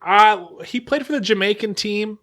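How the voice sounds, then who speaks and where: A man's voice: sits high, moderate pace, a bit bright. A man hosting a casual podcast chat, rambling and restarting his sentences as he tells stories. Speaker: podcast host.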